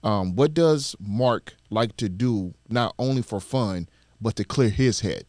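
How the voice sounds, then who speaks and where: Male podcast host, lowish voice, encouraging, dry sound. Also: expressive, measured pace, a little mellow, dry recording. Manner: encouraging, frequent back-channel murmurs. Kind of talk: podcast interview.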